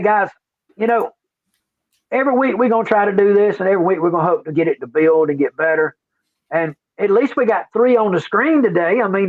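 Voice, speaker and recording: A man's voice: high-pitched, dry recording. An older man hosting a livestream, chatting in a rambling, folksy way. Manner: rambling, folksy, repeats himself. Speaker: livestream host. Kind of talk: casual chat. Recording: dry, tinny phone-like line.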